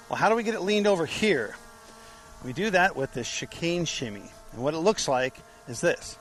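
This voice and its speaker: A man with a voice a little higher than usual walks through motorcycle cone patterns on an outdoor training lot. He explains in a practical way, asking his own questions and answering them. Faint outdoor noise sits behind him. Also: low-quality recording. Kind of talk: outdoor instructional walkthrough.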